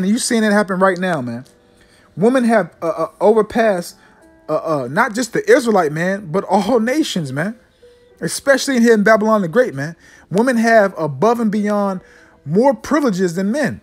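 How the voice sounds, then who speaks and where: A man preaching a fiery sermon, ending nearly every line with "man" and slowing down to read scripture solemnly. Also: high voice, animated, soft background music. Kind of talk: fiery street-style sermon with scripture readings.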